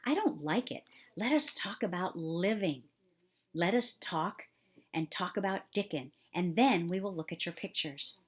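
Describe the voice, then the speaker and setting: A woman's voice: fairly low pitch, lively intonation, measured pace, husky. A woman voicing a blunt, stubborn young girl who talks eagerly about the moor. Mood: earnest. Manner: obstinate, eager.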